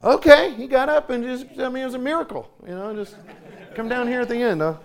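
A man preaching a sermon in a storytelling manner, often clearing his throat. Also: very high-pitched, fairly quick.

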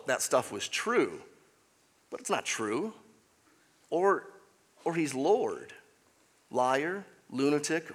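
A man's voice: medium pitch, a bit bright, big-room sound. A man preaching a sermon as pastor, emphatic and repeating key phrases for weight.

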